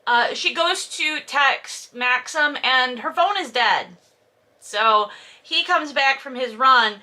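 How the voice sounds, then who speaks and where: A woman's voice: high voice, slow, sharp tone. A woman hosting a casual commentary where she reads and roasts a novel, speaking with a lisp and a stutter in a sarcastic, profane, exasperated way. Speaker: host reading and roasting a novel.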